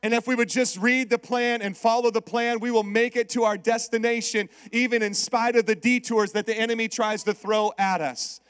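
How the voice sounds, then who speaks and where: High-voiced male preacher, dry close sound. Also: normal speed, hardly any pauses, clear, resonant tone, no room sound. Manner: animated storytelling with call-outs to the congregation. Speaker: pastor. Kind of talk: sermon.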